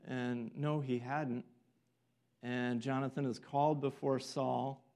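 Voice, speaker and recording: A man's voice: mid-range voice, level tone, slow, a little mellow. A man preaching a sermon earnestly, acting out the voices of people in a story. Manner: earnest, acts out quoted voices.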